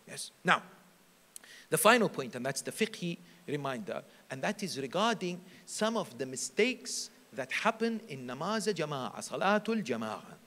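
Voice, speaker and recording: A man preaching a sermon as a sheikh at a religious gathering, animated and full of rhetorical questions he answers himself. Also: on the high side, normal speed, long reverb tail. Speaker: sheikh giving a majlis lecture.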